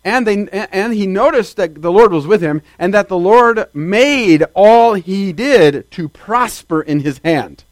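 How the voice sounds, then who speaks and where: A man's voice: high-pitched, lively intonation, unhurried, hardly any pauses, dry recording. A man preaching a sermon in a conversational way, asking his listeners rhetorical questions and rising into sudden emphasis.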